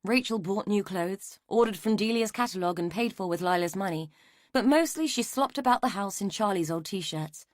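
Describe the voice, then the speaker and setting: A woman with a mid-range voice narrates a scripted mystery audiobook in a steady, measured way. The recording is clean studio audio with no audible room sound.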